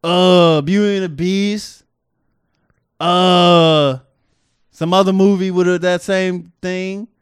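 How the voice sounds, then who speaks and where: A man in a casual podcast chat who jokes and provokes and laughs often. His voice is a bit higher than most men's, and the close, dry recording has no echo. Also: fairly even intonation, takes it slowly, pauses often, smooth. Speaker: podcast co-host.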